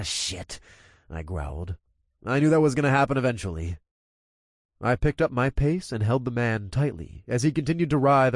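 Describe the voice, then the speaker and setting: A man's voice: medium pitch, no room sound, clean studio sound. A man narrating a gritty first-person story with crude, coarse language.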